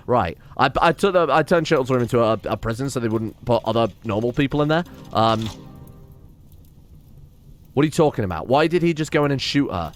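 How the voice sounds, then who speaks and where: A man's voice: mid-range voice, expressive, brisk. A man giving casual gameplay commentary as host, reacting aloud and swearing often as things go wrong. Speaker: let's play host.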